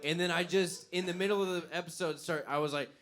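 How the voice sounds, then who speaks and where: On a live venue stage, a young man co-hosts a comedy podcast, telling crude, rambling stories and laughing at his own jokes. His voice is a little high and a bit bright, delivered fast with fairly even intonation.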